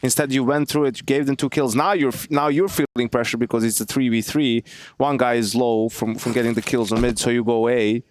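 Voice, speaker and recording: A man's voice: mid-range voice, fairly even intonation, a little fast, dry recording. A male esports analyst giving blunt, critical breakdowns of the play. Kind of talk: color commentary. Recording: loud game gunfire behind. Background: game gunfire.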